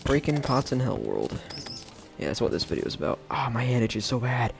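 A man with a gravelly, creaky voice chats his way through a game session, rambling and joking to his viewers. He breaks into sudden excited yells, and faint music plays behind him. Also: mid-range voice, brisk. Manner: chatty, playful, bursts of excited shouting. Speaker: gameplay video host. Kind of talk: casual gameplay commentary.

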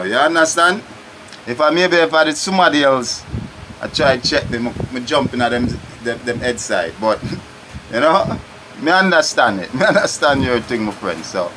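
A man speaking casually in a relaxed, joking way. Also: mid-range voice, moderate pace. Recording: faint background noise.

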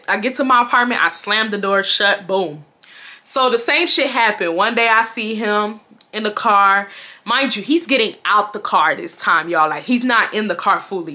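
A woman in her twenties from Houston tells a storytime straight to her viewers, her voice bright and sharp. She talks in a loose, slangy way, swears freely and leaps into high shrieks whenever she acts out what someone said. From Houston, Texas. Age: 20s. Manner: animated, slangy, swears often, jumps into high shrieks when quoting. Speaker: storytime vlogger. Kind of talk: casual storytelling to camera.

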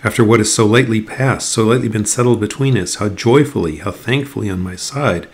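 Guy reading as an upset young lady from an old novel, faltering, formal, lowish voice. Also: fairly quick, close to an everyday voice. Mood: distressed. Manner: faltering, agitated, formal period speech. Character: distressed young noblewoman, reluctant messenger.

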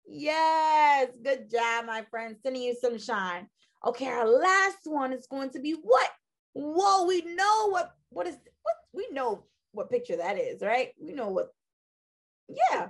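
A woman teacher leading a phonics lesson for young children, drilling sounds in a slow, sing-song way while losing her voice. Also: high-pitched, expressive. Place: classroom video lesson.

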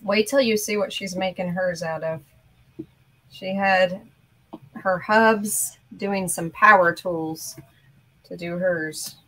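A woman's voice: fairly low pitch, fairly even intonation, slow pace, pauses often, a bit bright, low-quality recording. Chatty crafting host, woman. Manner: chatty, upbeat, shows her crafts while talking. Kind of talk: casual crafting chat.

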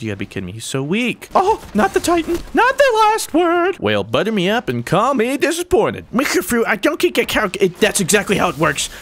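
A young man giving excitable, joking commentary over his own gameplay. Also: on the high side, gravelly, slight background noise. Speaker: gaming YouTuber.

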